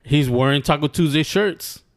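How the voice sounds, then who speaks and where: A man's voice: on the high side, moderate pace. A man co-hosting a casual podcast, laughing often and pressing his point with repeated phrases. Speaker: podcast co-host.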